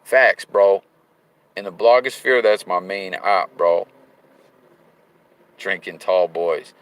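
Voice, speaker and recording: A man's voice: sits low, slow pace, low-quality recording. A man hosting a livestream from a car, chatting loosely and reading viewer comments aloud in slang-heavy talk with sudden hyped bursts. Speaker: livestream host. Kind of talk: casual live chat reading viewer comments. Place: in a car while driving.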